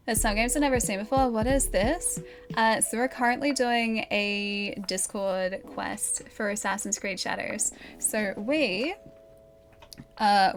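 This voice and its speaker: An Australian woman streaming live, casually thinking aloud and chatting with her viewers. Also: medium pitch.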